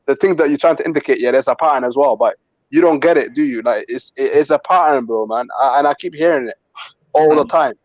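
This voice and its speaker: Fast-talking defensive male panelist. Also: medium pitch, dry recording, dull audio. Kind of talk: heated live sports talk.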